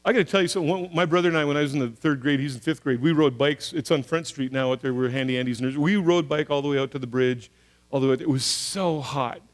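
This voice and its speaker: A man, preaching a sermon as pastor, telling stories and acting out voices with big swings in pitch and loudness. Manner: storytelling, acts out voices of soldiers and God, animated swings in pitch and loudness.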